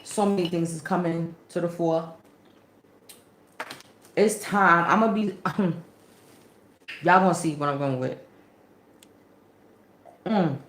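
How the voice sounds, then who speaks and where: A woman spiritual reader in casual chat to camera, animated and slangy, with preachy asides. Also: on the low side, slow pace, pauses often, a little hiss or hum. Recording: echoey room.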